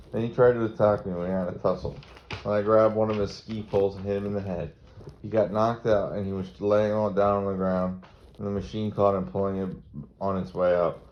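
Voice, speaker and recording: Rambling low-voiced male comedian. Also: little pitch movement, fairly quick. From Maryland. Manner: crude, rambling. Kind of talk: rambling stand-up storytelling. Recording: dull lo-fi recording with faint noise.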